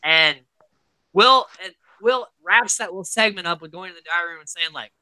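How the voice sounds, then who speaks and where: A podcast host tells the story of the episode with animated energy, dropping "like" constantly as they recap. The voice sits in a middle pitch with a bright, forward tone. The sound is close and dry, with little room around it. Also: normal speed, clear, resonant tone, dry recording.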